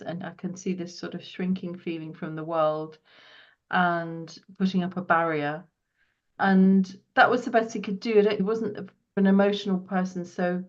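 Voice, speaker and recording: Low-voiced woman giving an intuitive reading. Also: muffled recording. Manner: soft, earnest, drops to a hush when relaying visions. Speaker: podcast host and property healer.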